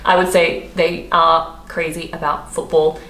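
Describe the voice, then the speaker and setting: A woman's voice: deep voice, flat delivery, measured pace, a bit bright. A young Australian woman vlogging in a casual, chatty way, laughing often and using lots of fillers. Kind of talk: casual chat to camera. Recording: echoey room, faint background noise.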